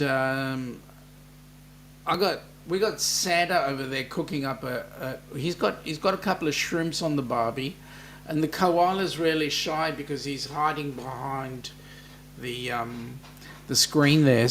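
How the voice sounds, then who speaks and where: A man's voice: mid-range voice, a little slow, fairly bright tone, slight background noise. A man with an Australian accent hosting a casual live stream, reading out viewer comments and chatting back with plenty of "mate" and "um". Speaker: livestream host reading chat. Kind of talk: casual livestream chat.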